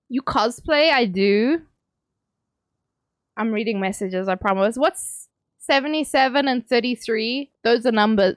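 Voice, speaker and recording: A woman's voice: mid-range voice, clean tone, no echo, studio quality. A woman streamer from England chatting casually with her stream chat, teasing and joking as she reads messages aloud.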